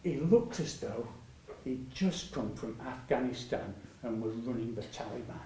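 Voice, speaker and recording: A man's voice: medium pitch, lively intonation, moderate pace, mellow, a little hiss or hum. An older man, telling stories in a public talk, rambling with many restarts and frequent laughter. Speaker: patient speaker at a public talk. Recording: echoey hall, mic at a distance.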